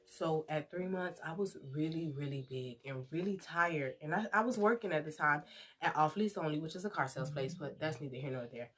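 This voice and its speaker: A woman's voice: sits low, brisk. A young woman telling a personal story in a casual vlog, chatty and talking straight to her viewers. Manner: chatty, addresses viewers directly. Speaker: vlogger.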